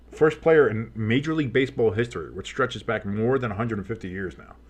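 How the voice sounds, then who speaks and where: A man calling a game play-by-play as a fan commentator, rambling and joking with profane asides, saying he has had too much coffee. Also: fairly low pitch. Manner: says he is talking fast on too much coffee.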